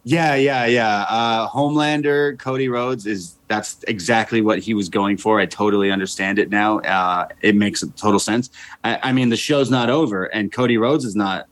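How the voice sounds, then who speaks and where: A man from Canada chatting as a guest, laid-back and quick to laugh and chime in. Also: lowish voice, a bit bright. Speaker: podcast guest. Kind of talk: casual chat.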